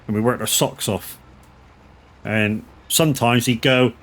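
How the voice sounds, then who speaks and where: Middle-aged male streamer, mid-pitched voice, rambling anecdotes, swears freely. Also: fairly even intonation, a little slow. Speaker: gaming streamer. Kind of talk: casual chat while playing a farming game.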